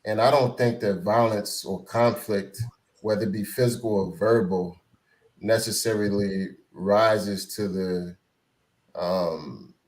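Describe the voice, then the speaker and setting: A man sharing his view in a casual discussion, measured and reflective. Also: lowish voice, fairly even intonation, low-quality recording. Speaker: podcast co-host.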